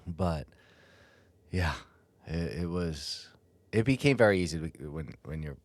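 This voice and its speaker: A man co-hosting a podcast, talking casually in a relaxed, somewhat halting way with restarts. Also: low voice, no echo. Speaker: podcast co-host. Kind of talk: casual chat.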